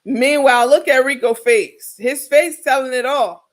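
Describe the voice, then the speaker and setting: A woman's voice: sits high, normal speed. A woman giving casual comedic reaction commentary, sassy and laughing, talking straight to her viewers.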